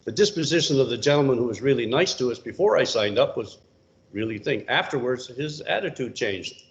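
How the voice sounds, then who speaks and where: An older man from Ontario telling stories about his early military career in a relaxed, rambling way at a library talk. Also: brisk, a little hiss or hum. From Ontario, Canada. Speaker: retired soldier giving a talk. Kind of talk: casual storytelling talk. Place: public library event room. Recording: muffled low-fidelity recording.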